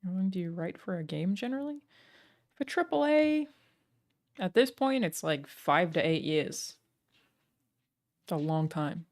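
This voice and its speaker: A woman's voice: lowish voice, expressive, measured pace, pauses often. A young woman chatting casually on a live stream, answering her viewers' questions with many fillers like "um" and "like". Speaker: streamer and game writer.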